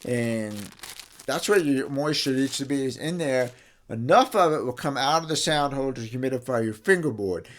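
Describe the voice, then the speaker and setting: Guy in his guitar shop showing how it's done, folksy and chatty, mid pitch, fixes his words as he goes. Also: normal speed. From New Mexico, US. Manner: folksy, chatty, self-correcting. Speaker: guitar repair teacher. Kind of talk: casual how-to demonstration. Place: guitar workshop.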